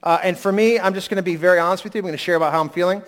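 This pastor's high voice races along as he preaches candidly and conversationally, now and then surging upward for emphasis, while still recovering from a lingering cold.

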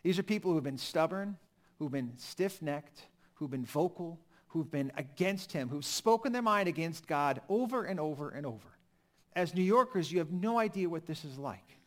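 High-voiced man preaching a sermon. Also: normal speed. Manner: expressive, swings from emphatic to hushed. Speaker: pastor.

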